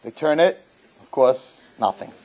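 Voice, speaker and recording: A rabbi giving a lecture, telling a funny story and acting out its characters before drawing a lesson. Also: male voice, medium pitch, measured pace, low-quality recording. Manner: animated storyteller, jokes, acts out characters. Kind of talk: humorous sermon lecture.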